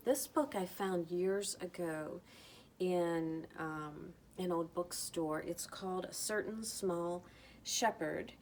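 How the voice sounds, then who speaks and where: A middle-aged woman talking casually about books she loves, gentle and enthusiastic, lingering over her words. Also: lowish voice, a little hiss or hum. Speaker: book vlogger. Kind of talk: casual recommendation talk.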